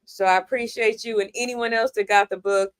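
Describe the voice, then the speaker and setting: A woman from New York hosting a casual chat show, chatty and quick to laugh. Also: fairly high pitch, fairly even intonation, dry recording. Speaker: show host.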